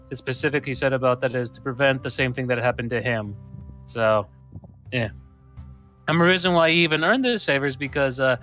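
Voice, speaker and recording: A man voicing a cheery but uncaring woman who keeps a deal, talking briskly and dismissively. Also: mid-range voice, fairly bright tone, close to an everyday voice.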